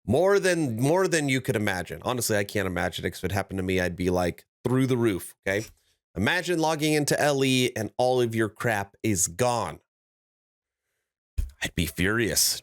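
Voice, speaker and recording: Casting: male gaming host, stuffy nasal cold voice, animated delivery, mid pitch. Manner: animated, emphatic. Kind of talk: gaming news commentary.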